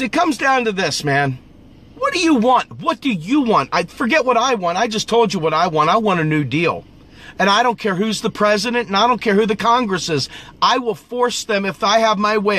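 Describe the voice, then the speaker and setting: Guy venting hard, sharp bright voice, cusses a lot, keeps repeating himself. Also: high voice, brisk. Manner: blunt, profane and preachy, repeats phrases for emphasis. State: coughing at times. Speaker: political video host. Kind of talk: impassioned ranting vent session.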